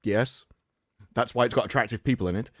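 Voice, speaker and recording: A man's voice: medium pitch, fairly quick, no echo, clean studio sound. A man co-hosting a live stream, rambling and opinionated in casual chat. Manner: rambling, opinionated, frequent restarts. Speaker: stream co-host.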